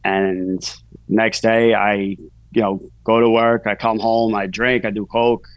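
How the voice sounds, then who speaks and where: Brief: man in his 40s, deeper register, dry close sound, loose chatty storytelling with lots of fillers. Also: level tone, slow, no echo, poor audio. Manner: rambling, frequent "you know" fillers. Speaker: guest, author. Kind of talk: casual personal storytelling.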